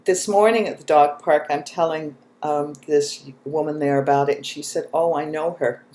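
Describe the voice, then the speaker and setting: Animated storytelling woman, echoey room. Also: deep voice, normal speed, a little hiss or hum. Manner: animated, laughs often, tells stories. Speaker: host, spiritual channel. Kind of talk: casual chat, storytelling.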